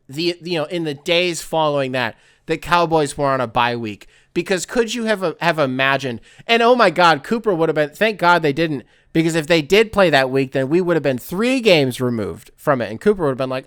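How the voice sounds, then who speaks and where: A man's voice: fairly high pitch, expressive, normal speed, a bit bright, clear, resonant tone, dry recording, studio quality. A man hosting a casual sports podcast, reading out a listener's email and breaking off often to laugh, riff and swear. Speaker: podcast host.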